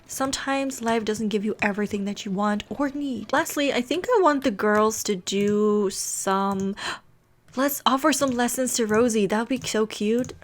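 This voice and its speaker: A woman's voice: fairly high pitch, a little slow. A woman casually narrating a life-sim game story, chatty and giggly, with dramatic asides. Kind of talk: casual let's-play storytelling.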